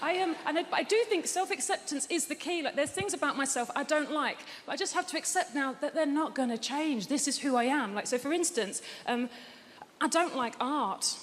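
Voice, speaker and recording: A woman doing stand-up comedy with blunt, deadpan opinions, on a large theatre stage in front of an audience. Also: high-pitched, fairly quick. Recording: roomy live theatre sound with hall reverb and crowd noise.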